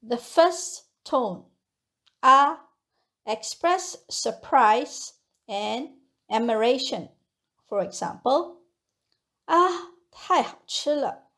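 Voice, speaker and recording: A woman teaching a scripted lesson, modeling each example phrase twice with lively emphasis. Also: fairly high pitch, takes it slowly. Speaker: Mandarin teacher.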